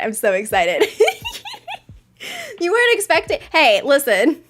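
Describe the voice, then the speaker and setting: High, excitable woman streamer. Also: measured pace, long pauses, soft background music. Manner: excitable, bursts into squeals and laughter. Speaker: livestream host. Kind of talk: casual livestream chat.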